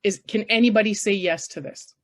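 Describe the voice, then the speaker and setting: A woman's voice: medium pitch, fairly quick. A woman from Canada presenting a casual writers' workshop, emphatic, blunt and encouraging.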